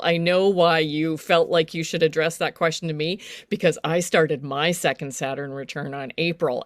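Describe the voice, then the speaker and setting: A woman's voice: deep voice, no echo, clean studio sound. A woman psychic on a live panel, chatting and giving readings with plenty of ums and easy laughter.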